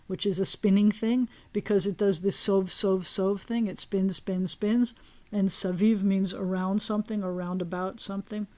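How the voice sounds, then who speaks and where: A woman rabbi teaching an online Hebrew class in a relaxed, digressive way, with plenty of fillers, speaking into a video call mic. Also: medium pitch. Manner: chatty, digressive, with frequent fillers.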